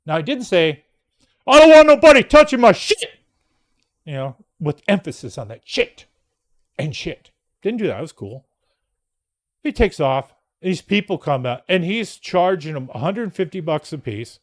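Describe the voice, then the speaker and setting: Animated, profane man telling a story. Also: fairly high pitch, normal speed. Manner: blunt, profane, rambling storyteller. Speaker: podcast host. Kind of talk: casual storytelling monologue.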